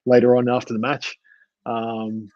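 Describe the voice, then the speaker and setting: A man's voice: medium pitch, monotone, measured pace, a little mellow, muffled recording. Rambling male podcast co-host. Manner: rambling, many fillers and restarts. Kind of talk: casual chat.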